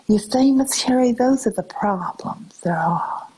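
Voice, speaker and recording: An older woman chatting on a live stream, answering viewers in a soft, musing, often half-whispered way. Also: a little high, animated, measured pace, husky, rough recording.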